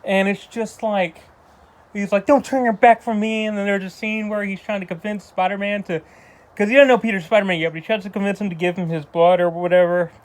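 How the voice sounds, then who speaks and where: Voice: mid-range voice, fairly even intonation, a little fast. A movie reviewer ranting casually, exasperated and rambling with lots of restarts. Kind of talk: casual spoken film review.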